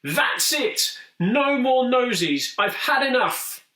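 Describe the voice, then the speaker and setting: A man voicing a greedy, grumpy monster that eats noses, in a shrill, whining, blustering voice. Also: lively intonation, takes it slowly, bright, forceful tone, heavily acted. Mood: whiny, angry. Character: greedy grumpy nose-eating monster, male. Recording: roomy echo, distant mic.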